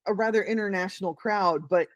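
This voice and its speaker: A woman's voice: medium pitch, brisk, no room sound. A middle-aged woman guest telling a story in a casual interview, acting out the voices she quotes.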